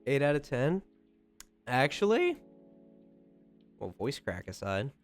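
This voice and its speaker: A young man chats casually on a live stream, reading out viewer messages and thanking them as he goes. His manner is playful and jokey, and he laughs easily. Soft music plays faintly in the background. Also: medium pitch, huge pitch swings, slow pace. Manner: playful, joking, laughs often. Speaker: livestreamer.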